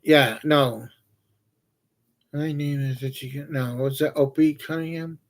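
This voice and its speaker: A man's voice: on the high side, fairly even intonation, measured pace. A man hosting a livestream, chatting casually and telling meandering, joking anecdotes. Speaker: livestream host. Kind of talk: casual rambling chat.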